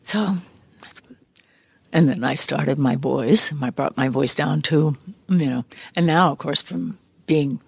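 An older woman guest talking in a large studio room, a lively storyteller who acts out quotes, her voice a little harried. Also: sits low, slow pace, vocal fry, pauses often, husky, no room sound. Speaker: guest actress. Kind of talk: casual storytelling interview.

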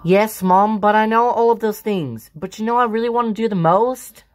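A woman's voice: mid-range voice, normal speed, faint music behind, natural voice. Carlene, a woman playing a whiny begging daughter. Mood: pleading. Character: pleading, sulky adopted daughter, young woman. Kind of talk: amateur home-made family drama.

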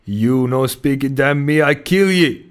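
A man's voice: mid-range voice, slow pace, natural voice. A man voicing a fierce tattooed male harpooner who growls threats in broken English. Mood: menacing.

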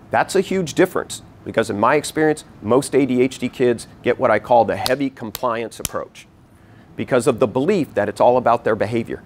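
Male presenter teaching a live group, animated, demonstrates by acting out voices, stresses points through repetition. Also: mid-range voice, slight background noise. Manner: repeats key points for emphasis. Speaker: workshop presenter. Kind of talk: live teaching talk to an audience. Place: meeting room with a live audience.

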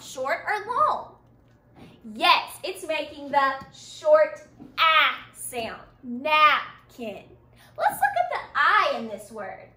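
A woman teaches a children's phonics lesson at a slow, careful pace. Her high, bright voice rises and falls a lot as she asks questions and praises the class. She is recorded from some distance in an echoey room.

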